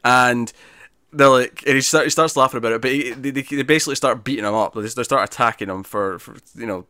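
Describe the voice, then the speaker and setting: A man's voice: medium pitch, fast talker, bright, forceful tone, dry recording, studio quality. A man co-hosting a casual podcast chat, rambling through a story with many fillers and restarts. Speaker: podcast co-host reviewing comics.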